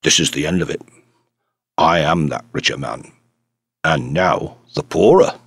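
A man's voice: rumbling low, wildly swooping pitch, measured pace, gravelly, fairly bright tone, slightly rough, no echo, studio quality, pitched below the performer's own voice, heavily acted. A man voicing a bitter, indignant old rich man in an audiobook. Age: older. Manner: indignant, accusing.

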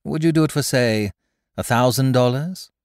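A man voicing a composed, secretive young woman who speaks calmly and steadily. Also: medium pitch, no echo, clean studio sound, pitched above the performer's own voice, lightly acted. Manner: calm, measured and composed.

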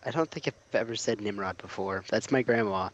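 A man's voice: fairly low pitch, fairly quick, muffled recording, a little hiss or hum. A man doing casual gaming commentary as co-host, joking and teasing his partner. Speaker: co-host gamer.

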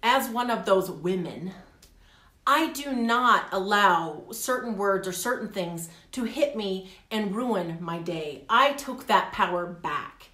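A woman's voice: medium pitch, slow. Candid, laughing woman in an echoey room. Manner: candid, animated, laughs often. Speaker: vlogger. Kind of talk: casual personal vlog talk.

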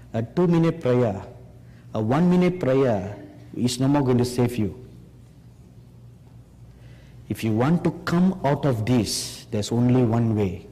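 A man preaching a sermon, slow and emphatic, pressing his listeners with rhetorical questions. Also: medium pitch, mellow. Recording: long hall reverb.

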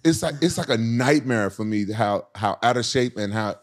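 Man, middle-aged, fighter guest, casual chat, swears a lot, lively pitch swings, average pitch. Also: moderate pace. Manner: animated, profane storytelling.

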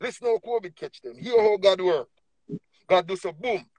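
A man with a Jamaican accent preaching emphatically on a livestream, swinging between low murmurs and loud bursts. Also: normal speed, no echo. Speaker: livestream speaker.

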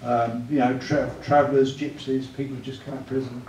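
A man's voice: mid-range voice, level tone, fairly quick. A man giving a church evangelism talk, chatty, often asking the room tag questions. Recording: echoey room, mic far off, clear noise.

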